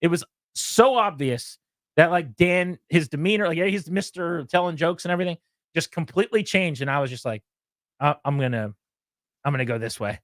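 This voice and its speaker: A man's voice: on the high side, fairly quick, no room sound, clean studio sound. A male sports radio host telling a story in casual talk and acting out what people said. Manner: animated storyteller, acts out quotes with laughs.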